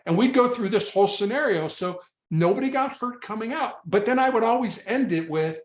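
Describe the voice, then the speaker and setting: Male ex-hostage negotiator as guest. Chatty, halting delivery with restarts. Echoey room sound. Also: sits high, animated. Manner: frequent repetitions and restarts. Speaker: former SWAT hostage negotiator. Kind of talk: conversational interview storytelling.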